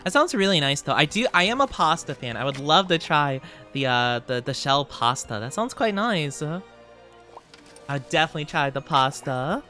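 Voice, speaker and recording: Livestreamer, casual gameplay chat, bright, giggly voice, soft music underneath. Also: medium pitch, sing-song, moderate pace. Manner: chatty and giggly, answers chat messages. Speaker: streamer reading chat.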